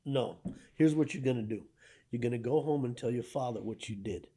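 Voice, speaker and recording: A man voicing a huge, stern older male shopkeeper who gives cold, commanding orders in a low, quiet voice. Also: fairly quick, slightly rough, lightly acted.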